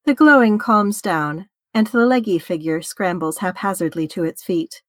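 A woman's voice: on the low side, moderate pace, dry recording. A woman narrating a fan fiction audiobook in a wry, conversational way with casual swearing.

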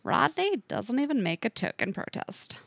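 A woman narrating a fiction story aloud with an expressive, varied delivery. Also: a little high, moderate pace, creaky, dry recording.

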